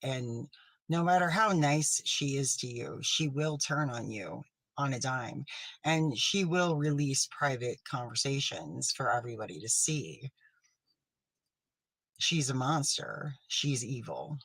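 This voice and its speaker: A petty, vindictive woman streamer voiced by a man lectures her viewers with self-righteous contempt. She talks at a middle pitch, and the take is dry and close. Now and then she drops into a sharp, hissing whisper. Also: expressive, slow, husky, no room sound, full character voice, low-quality recording. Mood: scolding. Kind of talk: comedic sketch monologue.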